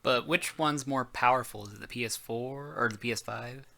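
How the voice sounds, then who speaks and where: A man's voice: mid-range voice, moderate pace, gravelly, bright, forceful tone. A man co-hosting a casual gaming podcast, rambling loosely and reading bits of an article aloud. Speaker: podcast co-host.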